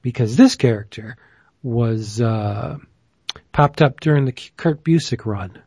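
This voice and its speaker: A man's voice: medium pitch, measured pace, a little mellow, husky, no room sound. A man hosting a casual chat who rambles enthusiastically, with plenty of fillers. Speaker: podcast host.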